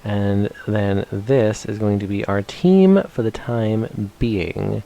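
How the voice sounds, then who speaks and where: A man's voice: fairly low pitch, takes it slowly, gravelly, warm tone. Playful man streaming a game. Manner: chatty and playful, reads game text aloud in put-on voices. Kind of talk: casual live-stream commentary.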